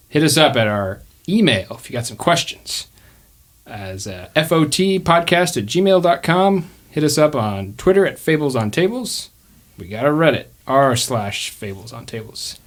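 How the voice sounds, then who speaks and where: A man's voice: mid-range voice, expressive, moderate pace. A man hosting a tabletop role-play podcast, reading plugs in a playful, hammy announcer way. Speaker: game master and podcast host.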